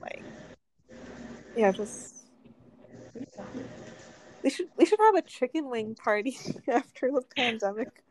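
Woman, podcast co-host, slightly high voice, hesitant, casual chat. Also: animated, slow, pauses often, slight background noise, low-quality recording. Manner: hesitant, trailing with uh and um.

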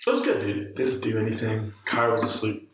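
A man with a lowish voice chats loosely as a podcast co-host, swearing as he goes and livening up his stories. He sits back from the mic in a very echoey room, with faint noise underneath. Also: brisk, recorded from a distance. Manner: profane, animated storytelling. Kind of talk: casual chat.

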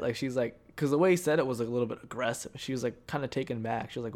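A man's voice: mid-range voice, rapid-fire, hardly any pauses. A young man in his twenties hosting a podcast, telling a story casually with lots of swearing and filler words. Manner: profane, rambling, heavy on filler words; mocking, animated. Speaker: podcast host.

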